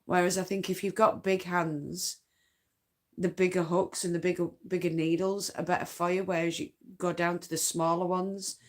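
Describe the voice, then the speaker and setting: A woman's voice: on the low side, flat delivery, normal speed. A woman with a Yorkshire accent, chatting casually and rambling a bit on a late-night crafting livestream from home. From North Yorkshire, England. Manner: rambling, chatty, uses dialect forms.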